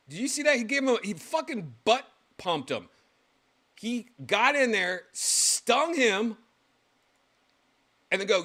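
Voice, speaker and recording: Animated, bright-voiced male streamer. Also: high-pitched, unhurried. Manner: excitable, swears freely, loud exclamations. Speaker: show host. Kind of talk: casual livestream commentary.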